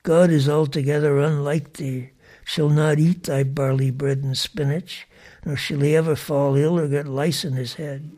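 A man reading out a stern prophet's rebuke in a slow, flat, husky voice. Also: a little high, close to an everyday voice. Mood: scolding.

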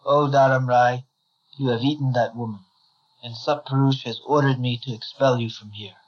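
A man's voice: medium pitch, steady tone, moderate pace, close to an everyday voice. Give me a stern male divine messenger, read plainly by a man, on a slightly dull recording.

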